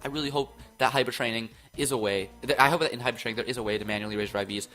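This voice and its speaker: A young man casually commenting on game news, rambling and excitable, often restarting his sentences into his own microphone. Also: mid-range voice, rapid-fire, soft background music. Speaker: gaming YouTuber. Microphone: own desk microphone.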